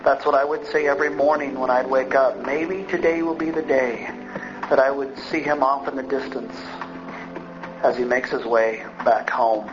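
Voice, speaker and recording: An actor playing a hopeful father who welcomes his lost son home, telling it in an animated, emotional way over guitar music. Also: medium pitch, normal speed, natural voice. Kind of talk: dramatic monologue in a church skit. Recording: dull lo-fi sound over loud guitar music.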